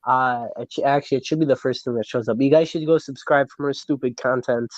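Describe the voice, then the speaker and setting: A man's voice: mid-range voice, steady tone, fast, no room sound. A teenage boy talking as a guest on a podcast from his phone, goofy and self-mocking and full of jokes. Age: teens. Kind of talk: casual chat. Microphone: phone on a call. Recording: dull dry phone call audio.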